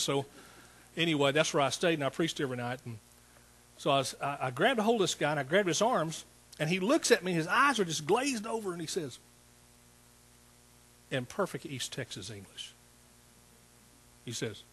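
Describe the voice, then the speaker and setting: A middle-aged man preaching a sermon in a church, telling stories in a folksy, animated way and acting out what people said. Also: fairly high pitch, normal speed, long pauses, slightly rough. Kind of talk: sermon with storytelling.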